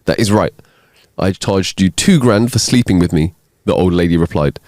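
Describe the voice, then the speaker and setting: A man co-hosting a casual comedy podcast, reading listener jokes aloud and playing the characters with lively put-on voices. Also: low-pitched, normal speed, dry recording, studio quality. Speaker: podcast co-host.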